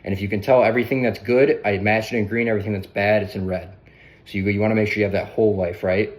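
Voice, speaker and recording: A man coaching others through a sales pitch in a brisk, conversational way, often tagging on "right?". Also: fairly even intonation. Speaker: sales trainer.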